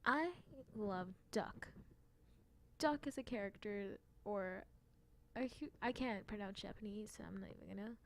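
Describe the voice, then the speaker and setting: A woman's voice: mid-range voice, a little slow, slight background noise. A young woman chatting casually about an anime she loves, rambling with many fillers and frequent self-deprecating giggles. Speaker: anime fan vlogger.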